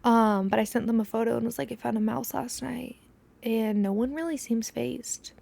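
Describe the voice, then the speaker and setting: A woman's voice: a little high, fairly even intonation, moderate pace, creaky, darkish tone. A young woman hosting a podcast, telling a story in casual chat, swearing freely and dropping to a whisper when she acts out scenes. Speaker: podcast host.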